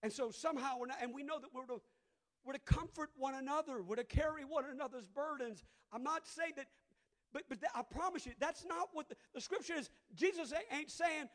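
A middle-aged man with a Cajun Louisiana accent preaching a sermon, moving between soft conversational asides and loud, drawn-out preaching. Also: very high-pitched. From southern Louisiana. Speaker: pastor.

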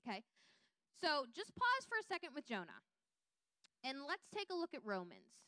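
A woman teaching a Bible lesson, reading scripture aloud with lively voiced quotes and checking in with her listeners. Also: high-pitched, moderate pace, dry recording.

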